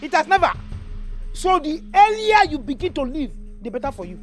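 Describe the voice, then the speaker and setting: A woman's voice: high-pitched, big pitch swings, fairly quick, faint music behind. An actress with a Nigerian accent playing a scornful woman who mocks and taunts her rival. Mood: taunting. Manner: mocking, taunting.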